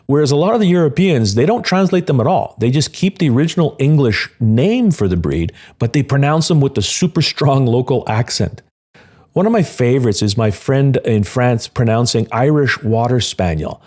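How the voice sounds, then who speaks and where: Lively, enthusiastic male podcast host. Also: medium pitch, normal speed. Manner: enthusiastic, explanatory storyteller. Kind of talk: solo podcast monologue.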